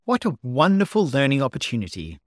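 A man's voice: mid-range voice, huge pitch swings, no room sound, clean studio sound. A man reading as Morticia, a gracious gothic mother. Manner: gentle, measured and polite.

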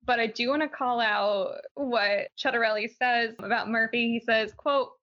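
A woman's voice: a little high, fairly even intonation, normal speed, muffled recording. A woman co-hosting a podcast, chatting casually through the week's news with frequent laughs and "like" fillers. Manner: giggly, chatty, many "like" fillers. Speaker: podcast co-host. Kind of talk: casual news-review chat.

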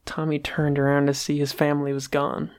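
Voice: medium pitch, completely flat delivery, fairly quick, darkish tone, clean tone. An amateur reader narrating a fan story aloud, stumbling and restarting now and then.

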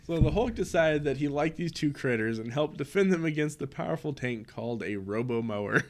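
A man's voice: on the high side, lively intonation, fairly quick. A young man co-hosting a casual chat, reading a comic summary aloud and chuckling wryly at the odd names. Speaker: podcast co-host.

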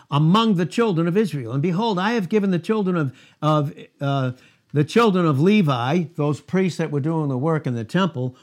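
Animated preacher man, lively pitch. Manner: animated, asides and rhetorical questions; reads scripture aloud in King James phrasing. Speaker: pastor. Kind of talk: expository sermon.

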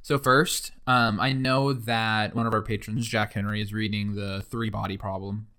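A young man co-hosting a podcast in casual chat, rambling and excitable, full of fillers. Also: lowish voice, moderate pace, smooth. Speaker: podcast co-host. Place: in person in a shared room.

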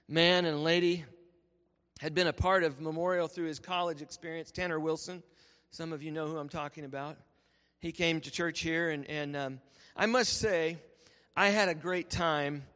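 A man, a pastor preaching a sermon and telling lively stories that he laughs through. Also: a little high. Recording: reverberant church hall.

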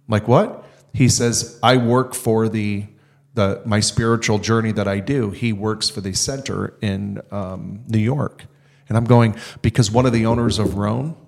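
A man's voice: fairly low pitch, creaky, darkish tone. A man guest on a podcast telling an anecdote casually, acting out the dialogue he recounts. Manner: anecdotal, acts out quoted dialogue. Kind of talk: casual conversation.

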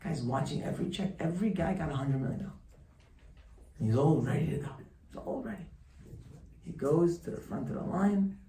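A man's voice: a little high, fairly quick, long pauses, a little hiss or hum. Distant man telling a sermon story. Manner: animated, emphatic, acts out story dialogue. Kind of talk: storytelling sermon to a live group. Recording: roomy room from far off, faint ambience.

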